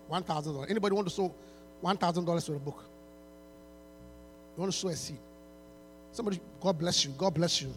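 Man, pastor at a church appeal, high voice, pleading, stammering restarts. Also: a bit bright. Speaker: pastor launching a book.

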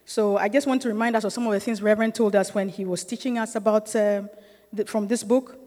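A woman's voice: mid-range voice, steady tone, fast talker, darkish tone. Middle-aged woman teaching in an echoing hall. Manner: conversational, often checking in with listeners; grows emphatic and urging. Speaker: church teacher. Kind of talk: informal sermon teaching.

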